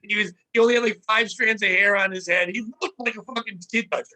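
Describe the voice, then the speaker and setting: Podcast co-host, male; high, bright, animated storyteller who acts out characters. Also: fast talker. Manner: animated, profane, mimics people mid-story. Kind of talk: casual storytelling chat.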